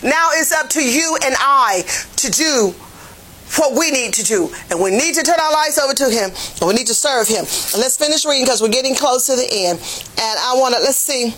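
A woman Bible teacher preaching a lesson in a fervent, plain-spoken way, her voice swelling to near-shouts. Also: high voice, animated, moderate pace, poor audio. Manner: folksy, plain-spoken phrasing. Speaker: jail ministry Bible teacher.

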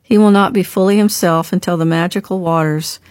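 A woman reading the part of a gentle older brother in an audiobook, speaking calmly and softly. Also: sits high, fairly quick, no echo, studio quality, close to an everyday voice. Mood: earnest. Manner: gentle, calm, softly reassuring. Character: gentle grown man, a caring older brother.

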